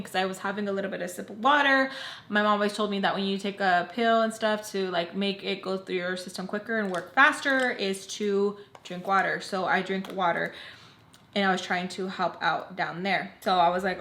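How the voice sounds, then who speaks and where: A young woman telling a personal story to her viewers in a loose, chatty way, full of "like" and quick quoted lines from others. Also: medium pitch, gravelly, a bit bright. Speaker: storytime vlogger. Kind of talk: casual storytelling. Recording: echoey room.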